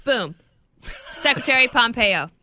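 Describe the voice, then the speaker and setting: A woman co-hosting a podcast, chatting casually with quick jokes and asides. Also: on the high side, expressive, a crowd in the background. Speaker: podcast co-host. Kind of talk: casual chat.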